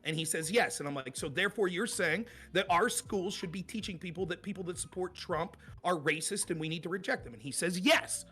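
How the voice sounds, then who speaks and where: A man's voice: high-pitched, a little fast, hardly any pauses. A man guesting on a podcast, telling debate stories in casual talk and mimicking his opponents. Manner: animated, mimics opponents in quoted voices.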